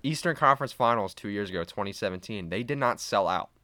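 Blunt young man with a smooth, dry voice. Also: on the low side, expressive, fast, pushed and bright, dry recording. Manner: opinionated, blunt. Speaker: podcast co-host. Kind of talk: casual sports chat.

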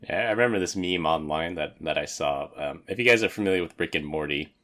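Really deep voiced guy, podcast cohost, easygoing tech chat. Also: fast, a bit bright. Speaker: podcast co-host.

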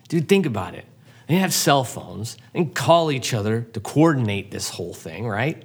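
A man preaching a sermon in a lively, conversational way, acting out characters' lines in quick asides. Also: mid-range voice, slightly rough. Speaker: pastor.

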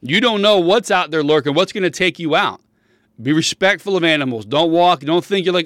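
Brief: riled-up male host, high bright voice, dry close sound, cursing commentary. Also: lively intonation, fairly quick, no echo. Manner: heated, profane, riled-up. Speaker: podcast host. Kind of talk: political commentary rant.

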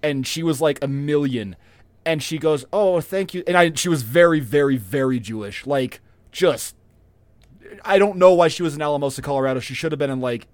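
A man co-hosting a podcast in casual chat, animated and swearing, slipping into mocking voices. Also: fairly quick, no echo. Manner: animated, swearing, mimics customers in a high voice. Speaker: podcast co-host.

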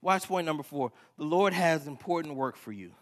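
High-voiced preacher in a reverberant hall. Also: male voice, moderate pace. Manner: animated storytelling preacher, conversational asides. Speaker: pastor. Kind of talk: sermon.

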